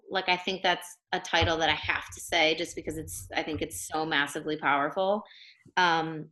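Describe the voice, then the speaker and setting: A young woman talks casually as a podcast guest, chatty and easygoing. Her voice sits a little low for a woman, and her speech is full of "like"s. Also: fairly even intonation, moderate pace, pushed and bright. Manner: chatty, many fillers like 'like'. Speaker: podcast guest, life coach. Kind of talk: casual interview chat.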